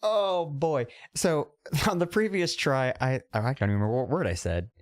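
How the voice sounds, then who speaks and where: A man's voice: fairly high pitch, lively intonation, moderate pace, no echo, studio quality. A man co-hosting a comedy podcast in casual chat, rambling and profane. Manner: rambling, profane, drifts into a put-on posh announcer voice. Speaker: podcast co-host.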